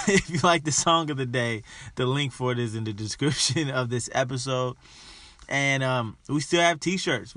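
A man's voice: on the low side, vocal fry, a bit bright, no room sound. A man hosting a podcast alone, giving a motivational monologue and hammering home his points by repeating them. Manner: emphatic, repeats his rallying lines. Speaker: podcast host.

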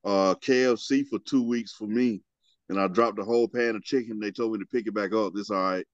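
A man's voice: fairly low pitch, steady tone, brisk, no echo. Male podcast co-host, laid-back storyteller, dull and dry mic sound. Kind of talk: casual storytelling chat.

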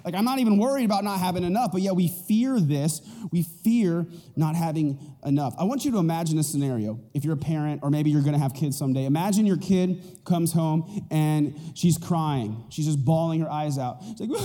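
A male pastor preaching a lively, joking sermon, often checking in with the crowd. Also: a little high, a little fast, few pauses, in a large hall. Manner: animated and joking, asks the crowd "right?". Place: church auditorium.

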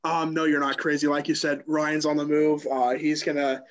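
Man, slightly high voice, quick teasing sports chat. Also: level tone, lo-fi sound. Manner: quick, teasing, restarts lines. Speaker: sports podcast co-host. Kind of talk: casual sports banter.

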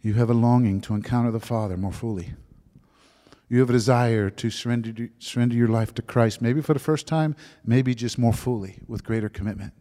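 A man in his fifties telling his conversion story as a sermon testimony, shifting from lively storytelling to soft, hushed moments. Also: medium pitch, brisk. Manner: storytelling, drops to soft whispers at emotional moments. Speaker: preacher giving a testimony. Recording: long hall reverb.

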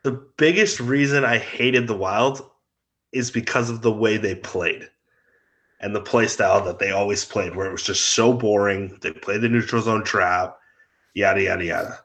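A man with a fairly low voice hosts a casual sports podcast. He talks bluntly and gives strong opinions in an easygoing, conversational way. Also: normal speed, fairly bright tone. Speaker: podcast host. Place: remote, out of town.

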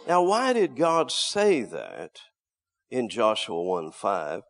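Preaching a sermon, a middle-aged man alternates loud, emphatic lines with quiet, low asides, frequently repeating words when he starts over. His pitch swings widely and his pace is slow.

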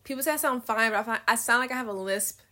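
Rambling nineteen-year-old woman, bright voice. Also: a little high, fast. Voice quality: says she has a slight lisp. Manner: rambling, swears freely, filler-heavy, laughs at herself. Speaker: podcast host. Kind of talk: casual solo podcast monologue.

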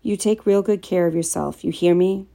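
A woman doing a soft, motherly woman. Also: on the low side, steady tone, moderate pace, creaky. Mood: tender. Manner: soft, affectionate. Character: kind, motherly woman, sad and tender. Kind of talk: audiobook character voice.

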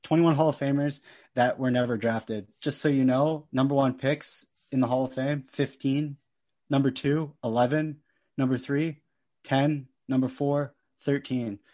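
A man's voice: medium pitch, fairly even intonation, unhurried, warm tone. A man co-hosting a casual sports chat, telling stories with animation and laughing often. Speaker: podcast co-host.

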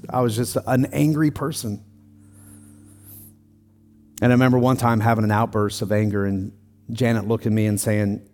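A man's voice: medium pitch, a little mellow. A middle-aged man preaching to a congregation with an earnest, heartfelt delivery. His voice sits in an ordinary middle register. He lifts his voice with feeling as he presses his point home. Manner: earnest, building to emotional intensity in a personal story. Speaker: pastor. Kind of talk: sermon.

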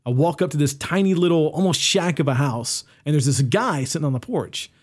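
A man's voice: on the high side, lively intonation, fairly quick. A man co-hosting a horror podcast, telling stories in a loose, profane way with lots of "like" and "uh.". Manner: loose, profane, many fillers like "like" and "uh". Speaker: podcast co-host. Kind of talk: casual storytelling chat.

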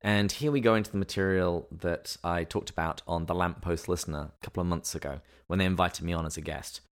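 Deep-voiced man explaining at length. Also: steady tone. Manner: measured, explanatory, lecturing. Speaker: podcast co-host. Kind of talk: podcast discussion of literature and theology.

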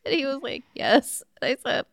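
A woman's voice: sits high, lively intonation, normal speed, creaky, fairly bright tone, dry recording, studio quality. A woman co-hosting a podcast in casual chat, laughing often and swearing freely. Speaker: podcast co-host.

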